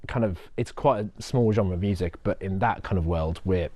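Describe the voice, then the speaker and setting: A man's voice: sits low, moderate pace, warm tone. A man from Birmingham, a DJ speaking as a panel guest in a casual way full of fillers. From Birmingham, England. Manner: casual, filler-heavy, lots of "like". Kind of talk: panel discussion.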